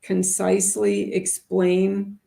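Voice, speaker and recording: A middle-aged woman chatting casually as co-host of a teaching livestream. Her voice sits at a middle pitch with a gravelly fry, and she talks in loose, meandering sentences full of fillers. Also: monotone, slow pace, dark tone. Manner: chatty, thinks aloud with many fillers.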